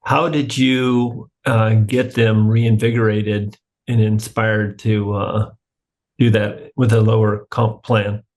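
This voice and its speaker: A man in the audience asking a question, hesitant and halting with fillers. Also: on the low side, little pitch movement, a little mellow.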